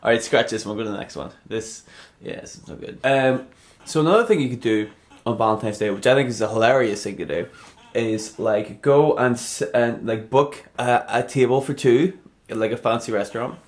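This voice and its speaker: A man rambling through a sarcastic, deadpan comedy monologue, trailing off and mumbling between bursts. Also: mid-range voice, a little fast. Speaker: comedy vlogger.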